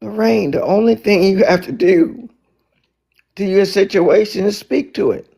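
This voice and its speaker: A man's voice: sits high, a little slow, vocal fry, warm tone. A man giving an inspirational faith talk, emphatic and preachy, repeating his key phrases. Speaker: motivational speaker.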